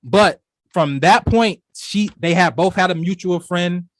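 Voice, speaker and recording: A young man with a fairly high voice tells a story on a casual podcast. He rambles and restarts often, leaning on filler phrases as he goes. The sound is dry and close. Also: a little slow, no room sound. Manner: rambling, full of "you know" and restarts. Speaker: podcast co-host.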